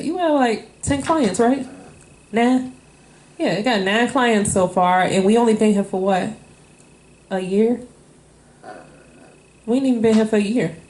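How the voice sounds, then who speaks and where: A woman's voice: medium pitch, darkish tone. Candid woman telling a heartfelt story. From Illinois. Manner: candid, emotional, rambling with fillers. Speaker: interviewee, wife. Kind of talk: casual personal storytelling. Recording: echoey room.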